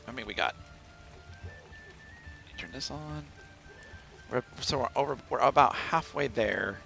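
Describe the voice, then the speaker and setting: Over background music on his home stream, a man from the central United States offers loose gameplay commentary, chatting and talking to himself as he plays. The voice is medium-pitched, creaky, and sharp-toned, and the recording is rough.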